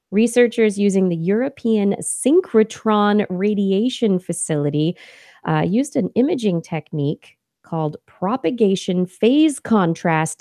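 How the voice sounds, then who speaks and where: Woman, podcast co-host, science news chat, mellow voice, dry close sound. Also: medium pitch, no echo. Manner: explains research details with laughs and fillers.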